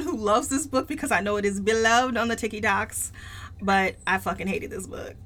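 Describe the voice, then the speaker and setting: A woman's voice: on the high side, normal speed, bright, forceful tone. A woman co-hosting a book podcast, giving a blunt, emphatic review in casual chat. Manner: blunt, emphatic, swears freely.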